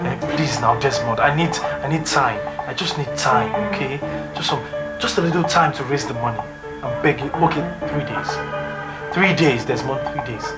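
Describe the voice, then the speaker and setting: A man's voice: medium pitch, normal speed, natural voice. A young man playing a desperate man who keeps begging for money, repeating himself. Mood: pleading. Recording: loud film soundtrack music.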